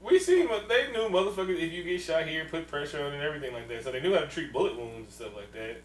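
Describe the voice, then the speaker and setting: Guy cohosting a movie podcast, loud and laughy, cusses a lot, roomy echo. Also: on the high side, lively intonation, fast, distant mic, faint music behind. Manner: loud, laughing, swears freely, acts out scenes. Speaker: podcast co-host. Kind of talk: casual movie recap chat.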